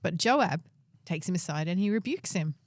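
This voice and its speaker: A woman's voice: fairly low pitch, expressive, moderate pace, no room sound. A woman co-hosting a podcast, casually retelling a Bible story and asking her co-host questions.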